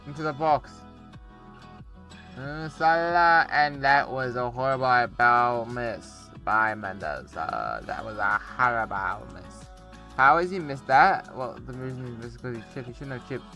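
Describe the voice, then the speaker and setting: A young man commentating a football video game on a borrowed microphone, with excitable play-by-play and rambling asides. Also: medium pitch, takes it slowly, faint music behind. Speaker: gaming YouTuber. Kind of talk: casual gameplay commentary. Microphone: borrowed cheap microphone.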